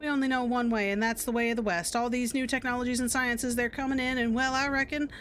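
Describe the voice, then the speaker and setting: Woman doing a folksy old cowboy, drawling and wistful, high voice. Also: steady tone, fast, fairly bright tone, slight background noise, natural voice. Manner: folksy drawl, homespun phrasing.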